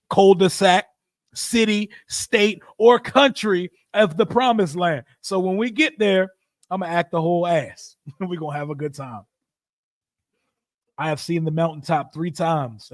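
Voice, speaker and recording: High-voiced profane man riffing on football. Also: no echo, studio quality. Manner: profane, animated, laughs a lot. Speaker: livestream host. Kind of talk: casual sports watch-party commentary.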